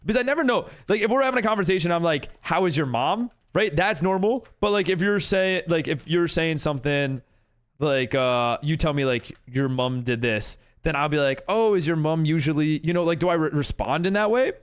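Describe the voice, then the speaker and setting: A man's voice: fairly high pitch, fairly quick, clean tone. An American man chatting casually on a live game stream, reading and answering his chat as he builds. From United States.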